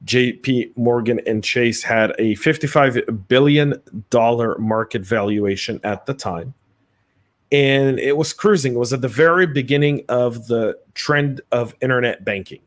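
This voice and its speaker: A man's voice: medium pitch, measured pace. A man with a Southern US accent co-hosting a live podcast, chatty and casual, often stammering on restarts. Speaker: podcast co-host.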